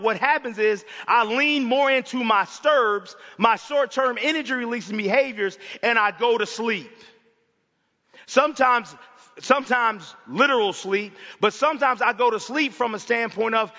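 A man preaching a passionate sermon in a church, swinging between loud cries and hushed, quiet lines. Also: very high-pitched, normal speed. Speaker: pastor. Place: church sanctuary. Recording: dull sound with long hall reverb.

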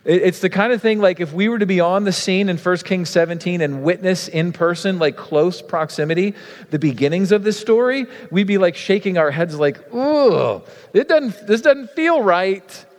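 A male pastor preaching a sermon in a casual, animated way, full of fillers. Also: sits high, fairly quick, big-room sound.

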